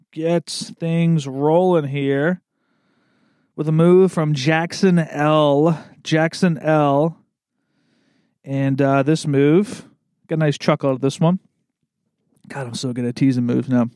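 This solo podcast monologue comes from a young man from Maryland, USA, whose East Coast accent colors his laid-back rambling and liberal swearing. His voice is a little high, darkish, and clean. Recorded in a studio, the audio is studio quality with no echo.

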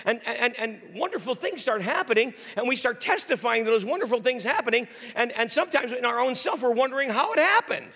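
A man preaching an animated sermon, telling stories in a lively, casual way. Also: very high-pitched, brisk, few pauses, husky. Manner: lively, storytelling, casual slang. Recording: long hall reverb.

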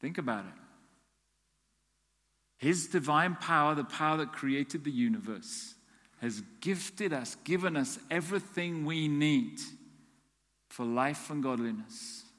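Animated preacher man in a reverberant hall. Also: fairly high pitch, a little slow, pauses often. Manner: animated, acts out dialogue with God. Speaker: pastor. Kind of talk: sermon.

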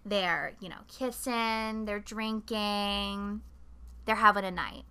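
A woman's voice: medium pitch, slow, clear, resonant tone. A young woman co-hosting a podcast, chatting casually and rambling as she recaps a film, swearing and acting out quotes. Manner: rambling, animated, profane, acts out quotes. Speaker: podcast co-host.

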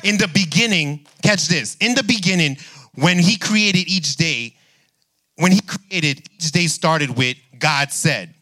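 A man delivers a sermon with a bright, sharp-edged tone. His voice sits a little high for a man. He leans on repetition to land each point. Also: lively intonation, slow pace. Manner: emphatic, repeats key lines. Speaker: preacher.

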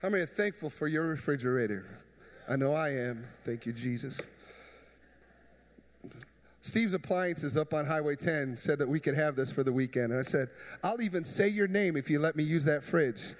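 Pastor, male, high voice, casual joking sermon style, long church reverb. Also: normal speed, slight background noise. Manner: conversational preaching with jokes and crowd questions.

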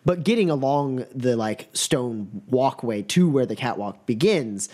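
A man's voice: medium pitch, animated, a little slow, a little mellow. Casting: laid-back male game master narrating scenes, lots of fillers. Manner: casual, filler-heavy narration.

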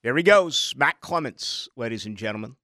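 A man's voice: mid-range voice, animated, moderate pace, sharp tone, no room sound, studio quality. A male sports radio host interviewing a guest in an upbeat, conversational way.

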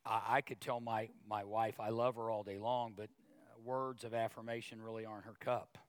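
A male pastor preaching a sermon, talking conversationally with asides and repeated words, then rising in pitch and volume as he gets emotional. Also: level tone, normal speed, smooth, dry recording, clean studio sound. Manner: emotional, grows louder and higher when preaching.

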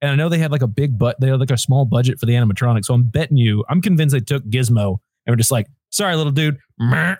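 A young man chats casually, spinning wry theories that he peppers with swearing. His voice is at a middle pitch for a man and is recorded dry and close. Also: racing, few pauses, dark tone, no room sound. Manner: wry, profane storyteller. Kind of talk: casual chat.

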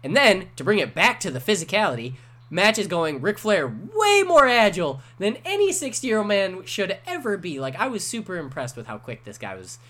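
A man in a casual podcast chat, telling a story with animated energy and swearing freely. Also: sits high, normal speed.

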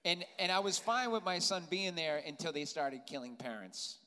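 Animated male guest telling a story. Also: fairly high pitch, moderate pace. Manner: animated storyteller, breaks into song. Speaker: podcast guest, singer. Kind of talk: live comedic storytelling. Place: stage before a live audience. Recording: hall reverb with clear background noise.

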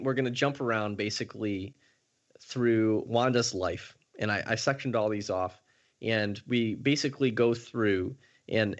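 A man's voice: mid-range voice, highs cut off. A man co-hosting a podcast, walking through an episode recap in casual chat, methodical with many fillers. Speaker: podcast co-host.

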